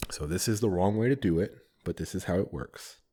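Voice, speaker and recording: A man's voice: sits low, brisk, mellow, breathy edge. A man co-hosting a podcast, talking casually and rambling about code, with some swearing. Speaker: podcast co-host, developer. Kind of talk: casual technical chat.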